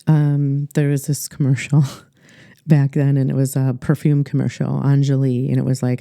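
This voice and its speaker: Middle-aged Upper Midwest woman coach, earnest, halting delivery, very dark tone, dry close mic. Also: very deep voice, flat delivery, vocal fry, no room sound. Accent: Upper Midwest American. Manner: earnest, halting, many fillers and restarts. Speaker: guest life coach. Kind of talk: podcast interview, personal story.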